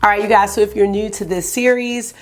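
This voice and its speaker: A woman hosting her own makeup channel in casual, chatty talk, with a rough morning voice. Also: medium pitch, fairly even intonation, brisk, loud music behind the voice. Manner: chatty and enthusiastic. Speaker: beauty vlogger host.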